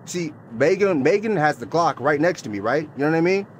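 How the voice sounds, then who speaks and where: A man's voice: fairly high pitch, animated, fairly quick, a little hiss or hum. A man playing a horror game on his channel, rambling nervously, repeating himself and talking to viewers as bro and y'all; he is scared and sweating. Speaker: gaming let's-play host. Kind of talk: horror game let's play commentary. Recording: loud game music behind.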